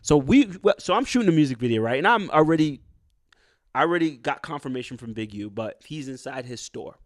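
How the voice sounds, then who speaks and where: A man's voice: mid-range voice, expressive, fairly quick, no echo, clean studio sound. A man co-hosting a podcast, telling a long story in casual chat, rambling with fillers and street slang, often quoting people mid-story. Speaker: podcast co-host.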